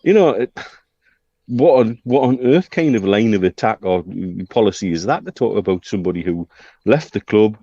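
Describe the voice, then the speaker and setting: A man talking football on a podcast, his voice sitting low and dry with no room around it. He speaks in a measured, hesitant way, full of ums and restarts. The recording sounds dull and lo-fi. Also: animated, warm tone, dry recording. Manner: measured, hesitant with many fillers. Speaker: podcast co-host. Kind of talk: casual football chat.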